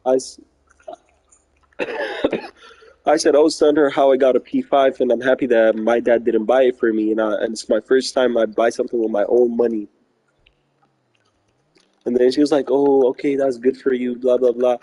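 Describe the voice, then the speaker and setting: A man with a very dark, mellow tone and a husky edge tells a story in a loose, slangy ramble. He keeps looping back with "I was like" and "she's like" as he acts out both sides of the talk. It sounds like casual chat on a live stream. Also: mid-range voice, flat delivery, normal speed, pauses often, low-quality recording. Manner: rambling and slangy, repeating himself and quoting others.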